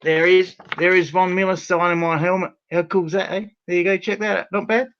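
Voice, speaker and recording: Australian guy, high voice, rowdy and profane, dull lo-fi call audio; show regular on a video call. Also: little pitch movement, brisk. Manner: loud, rowdy, swears freely. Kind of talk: casual video call chat. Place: bedroom at home.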